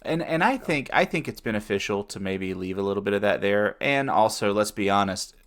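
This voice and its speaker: A man co-hosts a relaxed podcast conversation. His voice sits very low, and he talks in an even, unhurried way. He keeps reaching for ums and uhs as he thinks aloud. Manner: measured, with many fillers. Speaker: podcast co-host. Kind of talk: casual chat.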